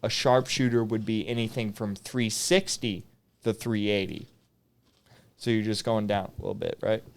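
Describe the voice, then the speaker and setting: A man's voice: on the low side, fairly even intonation, moderate pace. A man in his twenties, a former Marine guest on a podcast, telling comedic stories and laughing often as he goes. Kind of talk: comedic storytelling.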